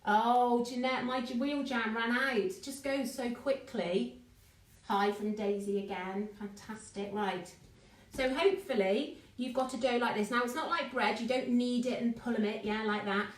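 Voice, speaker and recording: A woman's voice: fairly high pitch, moderate pace, recorded from a distance. A woman teaching children a live online baking class, chatting and encouraging, greeting viewers by name. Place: home kitchen. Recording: echoey kitchen, away from the mic.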